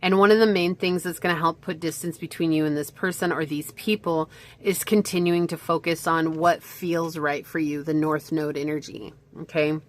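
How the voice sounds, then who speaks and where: A woman's voice: sits low, steady tone, moderate pace, few pauses. A woman giving a chatty, reflective pick-a-card tarot reading, full of fillers and asides, hiccuping at times. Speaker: tarot reader.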